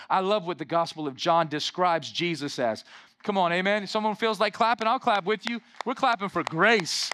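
A young adult man preaching with real energy, his voice bright and a little higher than most men's. He keeps checking in with the room for an amen, swinging between quiet, intimate stretches and rising, fervent crescendos. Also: moderate pace. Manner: animated preaching with call-and-response "amen". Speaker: pastor. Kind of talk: sermon.

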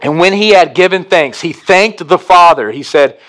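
A pastor preaching a communion sermon, swinging from hushed to emphatic. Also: male voice, sits high, expressive, moderate pace.

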